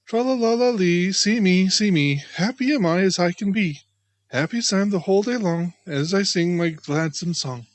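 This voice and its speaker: A man's voice: high voice, moderate pace, dry recording, voice pushed up, close to an everyday voice. A man voicing a joyful redwing bird singing a little song in a children's story. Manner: sing-song.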